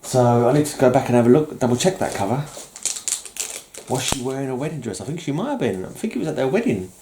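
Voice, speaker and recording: A man's voice: mid-range voice, animated, fast, mellow, a little hiss or hum. A man chatting casually about his comics, rambling and joking at his own expense. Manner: rambling, jokey, self-mocking with mock-villain bluster. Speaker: comic collector vlogger. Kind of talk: casual chat.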